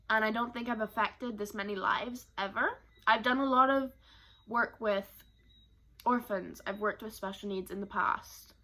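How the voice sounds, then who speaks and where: A woman's voice: mid-range voice, pushed and bright. A young woman from Barbados, talking candidly to camera about her life in a rambling, emotional way. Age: young adult. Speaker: vlogger. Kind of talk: personal talk to camera.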